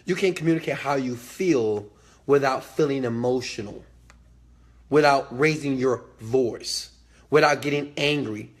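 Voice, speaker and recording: A man's voice: mid-range voice, measured pace. A man hosting a motivational talk, emphatic and preachy, who hammers phrases by repetition and swears freely. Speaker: host.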